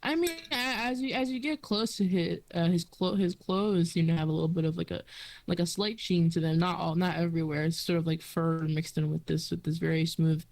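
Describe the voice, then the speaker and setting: Woman game master, lowish voice. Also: creaky, darkish tone. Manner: hesitant, filler-heavy describing. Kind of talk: tabletop role-play narration.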